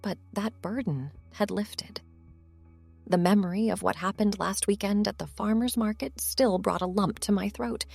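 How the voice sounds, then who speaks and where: Gravelly-voiced woman narrating a story. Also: mid-range voice, moderate pace, darkish tone, faint music behind. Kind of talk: first-person story narration.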